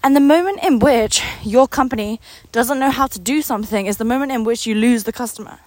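A woman's voice: on the high side, a little fast, darkish tone, no room sound. Breathless, enthusiastic business coach woman. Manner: enthusiastic, speaks from the heart, repeats words for emphasis. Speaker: business coach and company founder. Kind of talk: unscripted motivational talk.

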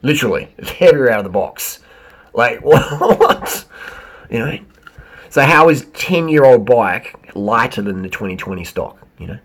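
A man, a bike shop owner, reacting to a clip with animated, sarcastic ranting. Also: lowish voice, fairly quick, hardly any pauses. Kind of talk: reaction commentary.

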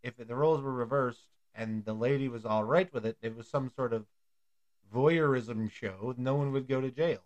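A man's voice: mid-range voice, normal speed, darkish tone. A man co-hosting a podcast, chatting casually in a blunt, profane way. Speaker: podcast co-host. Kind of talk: casual chat.

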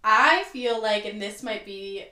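A woman's voice: medium pitch, measured pace, pushed and bright, echoey room. A woman hosting a podcast, chatting casually, laughing often, in a reflective way. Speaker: podcast host. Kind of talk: casual chat.

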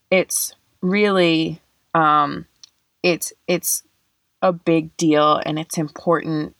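A woman's voice: low voice, gravelly, a bit bright, no room sound. A young woman hosting a reflective solo podcast, speaking earnestly and emotionally, tearing up, with many fillers. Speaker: podcast host.

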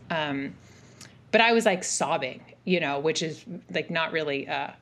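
A woman's voice: low-pitched, measured pace. Chatty, rambling woman in her forties. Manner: animated, rambling, many fillers and restarts. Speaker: podcast guest, mental health practitioner. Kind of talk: casual interview storytelling.

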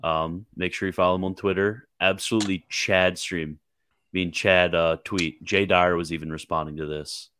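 A man's voice: low-pitched, steady tone, moderate pace, a bit bright, a little hiss or hum. A man hosting a casual livestream chat, joking around and directing what to show next. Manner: laid-back, joking, directing the stream. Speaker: stream host.

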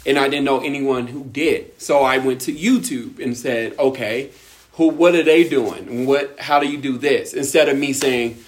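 A man's voice: medium pitch, moderate pace. A young man in casual chat who jokes, swears freely and speaks earnestly about learning.

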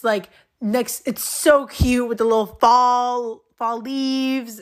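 A young woman hosting her own podcast, talking casually in a chatty, rambling, excitable way. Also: fairly high pitch. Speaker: podcast host. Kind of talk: casual solo podcast chat.

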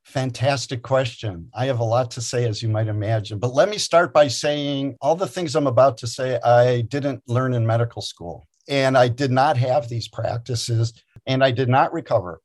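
A man speaking at an ordinary, middle pitch tells a long personal story as a guest. His delivery is earnest and thoughtful, measured in its pacing. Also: darkish tone. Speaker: chaplain and physician guest. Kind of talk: reflective storytelling.

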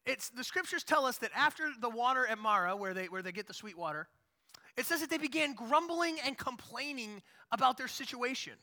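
A man preaching a sermon, retelling the story in a casual, animated storytelling way. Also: extremely high pitch, fairly quick. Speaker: pastor. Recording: long hall reverb.

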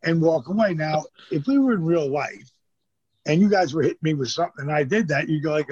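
A middle-aged man, a former pro wrestler, telling stories as an interview guest in a lively, casual way and swearing freely. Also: fairly high pitch, brisk, slightly rough, no echo. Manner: animated storyteller who acts out quotes, swears freely. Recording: dull lo-fi dry sound.

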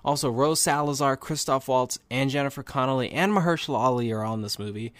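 A young man talking through movie reviews on his podcast, eager and rambling, with plenty of fillers and restarts. His mid-pitched voice is recorded close and dry, with no room sound. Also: a little fast, a bit bright, no room sound. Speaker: podcast host.

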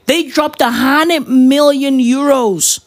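Slangy, swearing football fan ranting. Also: male voice, extremely high pitch, slow. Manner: animated, slangy, swearing, repeats "right?" and "bruv". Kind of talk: casual football rant.

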